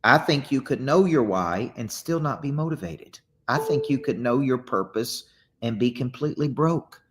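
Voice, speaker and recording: A man's voice: mid-range voice, normal speed. A middle-aged man with a Southern US accent, a business coach and author giving a motivational talk, telling stories with energy and frequent restarts. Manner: energetic storytelling with repeated restarts.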